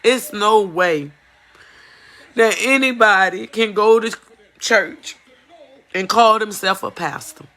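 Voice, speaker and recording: Looking straight into the camera, a mother gives an emotional personal testimony in a mid-range voice, speaking slowly with long pauses. Her tone is bright, forceful, earnest, and pleading, and she repeats lines to drive them home.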